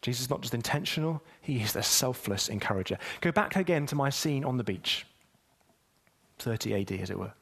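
A man's voice: animated, fairly quick, husky. A man preaching a sermon, speaking straight to the congregation and building to emphatic peaks. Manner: emphatic, with wide swings in pitch and loudness.

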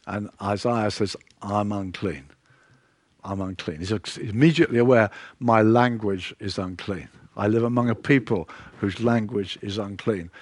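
An earnest male preacher delivering a sermon, his voice at a middle pitch that climbs for emphasis and sinks low on quiet lines. He leans on repeated words to drive each point home. The sound is dry and close, with no room echo. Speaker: pastor.

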